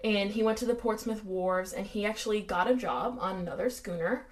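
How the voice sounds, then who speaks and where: American woman, podcast co-host, wry and chatty, mid-pitched. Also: fairly quick, slight background noise. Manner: chatty, filler-heavy, wry asides. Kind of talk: casual true-crime chat.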